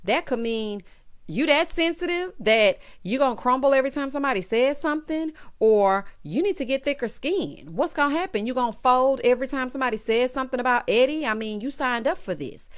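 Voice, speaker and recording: A woman's voice: high-pitched, lively intonation, brisk. A woman vlogger giving a sassy, opinionated recap of a reality show, sprinkling in "child" and "honey" and laughing at her own jokes. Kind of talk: casual opinionated commentary.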